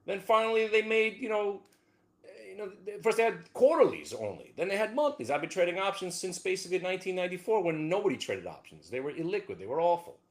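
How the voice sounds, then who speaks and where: Excitable man with lively swooping pitch. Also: quick pace. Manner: excitable, swings from low mutter to whooping shouts. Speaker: trading show host. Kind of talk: animated trading talk over charts.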